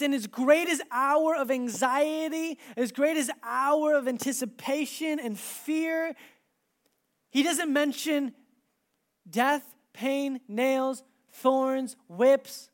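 A high-pitched preacher reads scripture aloud in a dramatic sermon, building to loud, emphatic passages before falling to a quiet hush.

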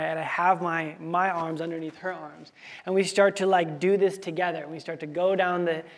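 A man in his thirties preaching a sermon in a relaxed, conversational way, with many fillers and playful quoted asides. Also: high-pitched. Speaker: pastor.

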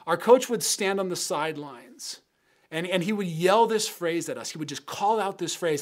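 A male pastor preaches with earnest conviction, driving his points home by repeating phrases in a row. His voice sits a little higher than most men's. He moves from exhortation into leading his congregation in prayer. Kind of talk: sermon closing in prayer.

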